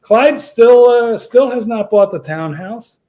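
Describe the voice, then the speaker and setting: A man's voice: very high-pitched, animated, slow pace, dark tone. A man, a dog trainer, chatting on a livestream panel over a video call, telling stories in a rambling way with many restarts. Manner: rambling, storytelling, frequent restarts. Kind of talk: casual panel chat.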